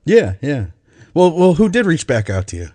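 A man's voice: a little high, wildly swooping pitch, moderate pace, dark tone. A man hosting a casual interview, reacting with brief remarks and questions. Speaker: podcast host.

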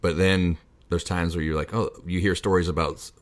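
A man's voice: sits low, steady tone, a little fast. A man co-hosting a podcast, easygoing and swearing casually. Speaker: podcast co-host.

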